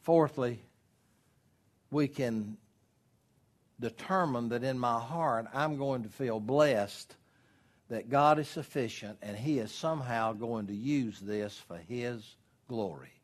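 A man preaching a sermon as pastor, animated and storytelling, acting out voices in his illustrations. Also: medium pitch, takes it slowly.

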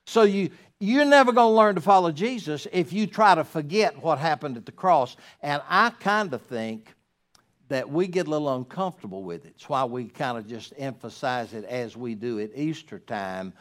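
A man preaching a sermon as pastor to his congregation in church, emphatic, swinging between loud rises and quiet drops. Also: a little high, lively intonation, moderate pace. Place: church sanctuary.

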